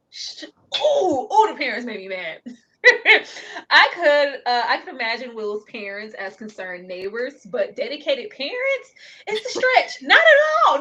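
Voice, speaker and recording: Lively high-voiced woman laughing through a review. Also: highs cut off. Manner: animated, laughs often, acts out characters. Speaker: co-host of a TV review show. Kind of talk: casual review chat.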